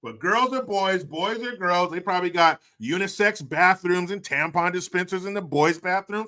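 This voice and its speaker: A man hosting an opinionated commentary video, profane and mocking, swinging between loud outbursts and low muttered asides. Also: normal speed, few pauses.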